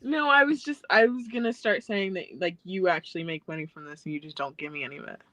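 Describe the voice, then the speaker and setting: A woman's voice: on the low side, fast talker, a bit bright, no echo, poor audio. A woman co-hosting a podcast, chatting casually with profane, laughing banter. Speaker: podcast co-host. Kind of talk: casual chat.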